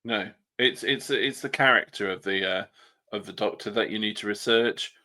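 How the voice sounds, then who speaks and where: A man's voice: fairly low pitch, normal speed, sharp tone. A man co-hosting a casual podcast chat, opinionated and wry, sometimes mimicking other people's voices. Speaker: podcast co-host.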